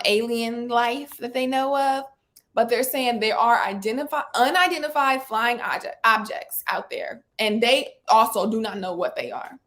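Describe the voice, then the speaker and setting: A woman co-hosting a live weekly talk show, chatting casually and with animation, using slang and quick asides. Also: fairly high pitch, fairly bright tone. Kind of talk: casual chat.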